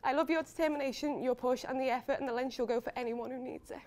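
A woman's voice: high-pitched, steady tone, quick pace, a little mellow. A young woman giving an emotional wedding speech as the bride, laughing between lines. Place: hotel wedding reception.

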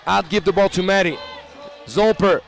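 A man giving live basketball play-by-play, excitable and rising to shouts on big plays. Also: high voice, moderate pace, creaky, faint music behind, a faint crowd. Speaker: play-by-play commentator.

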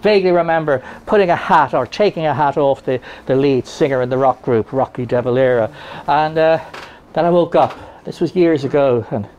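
An older man telling rambling, halting, deadpan absurd stories as a stand-up comedian on a live stage. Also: fairly high pitch, lo-fi sound, slight background noise. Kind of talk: stand-up storytelling.

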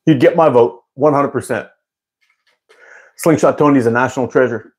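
A man's voice: medium pitch, normal speed, husky. A man hosting a live stream, chatting casually with viewers in a rambling way and laughing often. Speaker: live-stream host answering chat.

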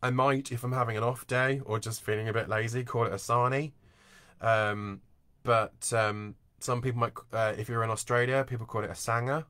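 A man's voice: mid-range voice, fairly even intonation, moderate pace, sharp tone, no echo. A man, working as a voice and coach, giving an informal online teaching talk and explaining with everyday examples. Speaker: voice and accent coach.

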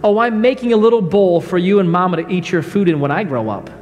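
A man's voice: high-pitched, quick pace, darkish tone, long reverb tail, lightly acted. A man voicing a sweet, innocent four-year-old boy in a sermon story.

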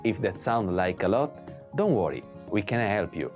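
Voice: deep voice, very animated, moderate pace, darkish tone. Announcer, scripted outro, friendly direct address, faint background music. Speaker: series announcer.

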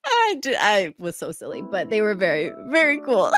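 A woman telling a casual, excited story to her viewers, bubbly and gushing, with quick jumps up in pitch when she gets excited. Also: faint music behind. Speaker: streamer and vlogger.

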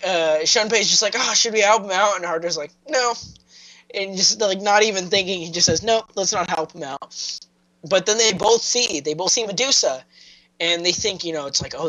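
A man's voice: high voice, moderate pace, fairly bright tone, low-quality recording. A man co-hosting a casual review podcast, rambling through plot recaps with lots of fillers. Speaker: podcast co-host.

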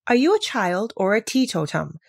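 A woman's voice: medium pitch, sing-song, normal speed, gravelly, breathy edge, dry recording, clean studio sound, full character voice. A woman reading a storybook aloud, voicing an old female sheep who keeps a shop and speaks bluntly and matter-of-factly.

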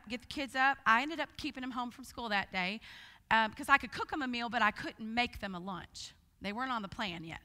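High bright woman preaching in a hall. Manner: lively storytelling, acts out voices. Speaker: guest speaker. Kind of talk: conference sermon with testimony. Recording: long hall reverb.

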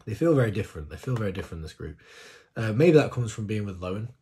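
A man hosting a music video reaction, talking in a rambling, effusive way with sudden excited exclamations. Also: lowish voice, fast, husky. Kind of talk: casual reaction commentary.

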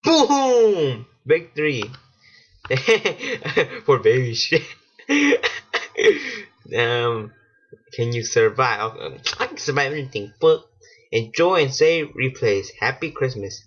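Male gamer host, excitable and foul-mouthed, husky, dull lo-fi mic with mouse clicks. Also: mid-range voice, takes it slowly. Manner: excitable, swearing, laughing at himself. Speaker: gaming channel host. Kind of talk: casual let's-play commentary.

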